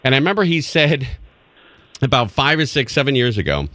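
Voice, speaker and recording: Male talk radio host, middle pitch, chatty, laughs along, dry studio sound. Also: very animated, moderate pace, bright, forceful tone, dry recording.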